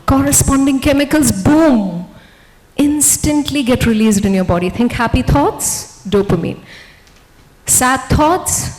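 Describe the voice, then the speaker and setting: A woman giving an energetic motivational stage talk, coaxing volunteers and the audience. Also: on the high side, big-room sound, low-quality recording. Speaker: motivational speaker.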